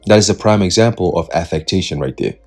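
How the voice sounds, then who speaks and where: A man delivers Bible prophecy commentary in an emphatic, repetitive style and keeps punctuating his points with quick check-ins. His voice is low and husky, with faint music in the background. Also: darkish tone. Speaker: online commentator.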